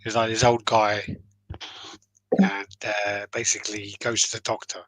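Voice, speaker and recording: A man's voice: on the low side, level tone, moderate pace, a bit bright, no room sound, poor audio. A man hosting a casual podcast, swearing freely and rambling through stories. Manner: swears freely, loose storytelling with fillers. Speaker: podcast host.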